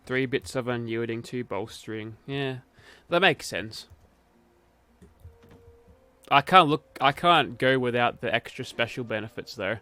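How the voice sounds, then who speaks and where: A man's voice: mid-range voice, a little slow, pushed and bright. A man streaming a game, giving casual commentary while he mutters, grumbles and swears.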